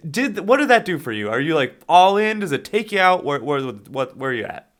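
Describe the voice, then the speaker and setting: A man's voice: fairly high pitch, big pitch swings, a little fast, fairly bright tone. A man co-hosting a podcast in casual movie talk, rambling with many fillers and restarts as he asks questions. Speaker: podcast co-host.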